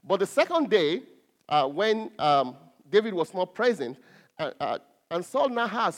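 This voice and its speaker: Man preaching a sermon, fairly high voice, emphatic stresses, lots of fillers and restarts. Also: very animated, unhurried.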